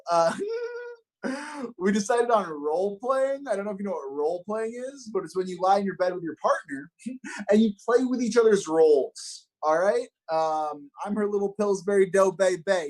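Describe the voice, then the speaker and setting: A young man from Los Angeles doing a stand-up comedy set, upbeat and self-mocking, with deadpan punchlines. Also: sits high, poor audio. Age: young adult.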